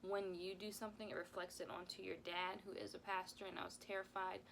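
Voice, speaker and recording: A woman's voice: mid-range voice, flat delivery, fast, vocal fry, fairly bright tone, slight background noise. A young woman in her twenties telling a casual story time vlog, rambling and heartfelt, with lots of "like"s. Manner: rambling and heartfelt, full of "like"s, close to tears at times. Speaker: mom vlogger.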